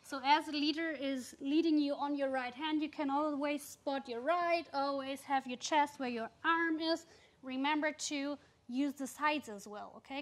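A woman dance teacher giving clear tips to followers, often checking in with listeners. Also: high voice, moderate pace. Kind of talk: instructional dance lesson.

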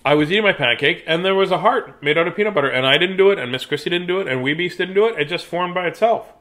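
In a high, slightly bright voice and at a quick pace, a man reads children's books on a live show, joking around casually with his viewers. He keeps breaking into goofy sing-song chants and pretend announcer calls.

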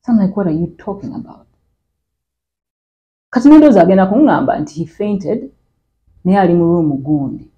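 A woman's voice: mid-range voice, animated, fairly quick, pauses often, mellow, highs cut off. A woman with a Ugandan accent, a guest in an interview, recounting a personal story and switching between Luganda and English in a conversational way.

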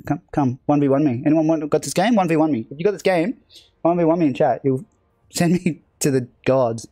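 A man's voice: on the high side, fairly quick, dark tone, no room sound. A man streaming a video game live, rambling casually and joking at his own expense while chatting with viewers. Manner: rambling, self-mocking banter with chat.

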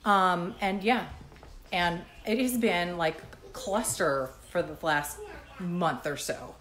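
A woman's voice: lowish voice, takes it slowly, a bit bright. Chatty mom rambling live from her kitchen. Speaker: mom vlogger hosting a live stream. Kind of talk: casual live-stream chat. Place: indoors at home in a condo kitchen. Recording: echoey room.

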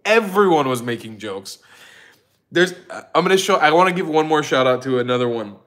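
A man hosting a casual livestream, telling stories in an excitable, profane way and laughing often. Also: fairly high pitch, fairly quick. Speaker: livestream host.

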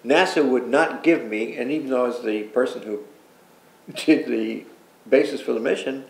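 A man's voice: mid-range voice, normal speed, creaky. An older man telling a personal story as an interview guest, earnest and rambling, with repeated asides. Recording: roomy echo with faint background noise.

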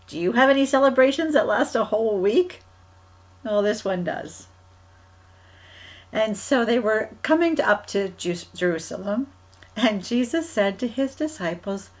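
A woman who coordinates a church's children's ministry tells a Bible story to children. She talks gently and often asks them questions directly. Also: medium pitch, low-quality recording.

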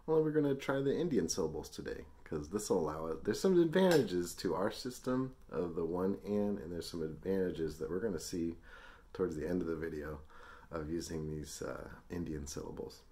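Deep-voiced male music teacher, easygoing and chatty, demonstrating counting on camera. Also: fairly quick. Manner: relaxed, chatty explanations with ums and small laughs. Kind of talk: music lesson, demonstrating rhythm syllables.

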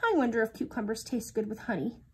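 A woman's voice: a little high, fast talker, a little hiss or hum, natural voice. Pooh, a woman voicing a wistful teddy bear. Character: gentle honey-loving male teddy bear, slow and wistful. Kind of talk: storybook read-aloud.

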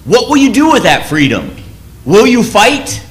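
A man voicing a defiant warrior leader who rallies his outnumbered men with slow, raised declamation. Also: on the high side, animated, pushed and bright. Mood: rousing.

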